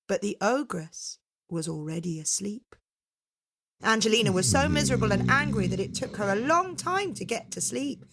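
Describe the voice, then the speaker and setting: A woman storyteller telling a fairytale to children in a dramatic, expressive way. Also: medium pitch. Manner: dramatic, unhurried, with voiced characters.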